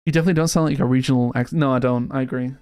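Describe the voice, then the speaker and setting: A man's voice: mid-range voice, fairly even intonation, very fast, a little mellow, clean tone, soft background music. A young man with an English accent talks casually while streaming a horror game. He chats loosely and laughs often, poking fun at himself. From England. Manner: chatty, laughs often, self-deprecating. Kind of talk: casual gaming stream chat.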